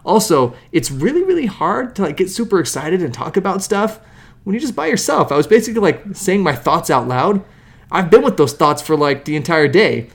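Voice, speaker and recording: A man co-hosting a casual sports podcast from a room in a home, talking into a shared microphone with animated, playful exaggeration. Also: sits high, fairly quick. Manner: animated, joking, tells stories with playful exaggeration. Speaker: podcast co-host. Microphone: shared studio microphone.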